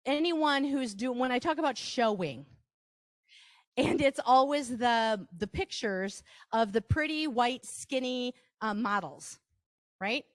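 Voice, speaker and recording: A woman's voice: on the high side, lively intonation, slow, no echo, clean studio sound. A woman with a Wisconsin accent giving a live workshop presentation, chatty, with asides and rhetorical questions to the audience.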